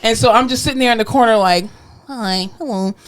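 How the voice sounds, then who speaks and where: Young woman co-host, quick animated storyteller, acts out voices, laughs a lot. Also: on the high side. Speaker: podcast co-host, therapist. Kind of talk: casual chat.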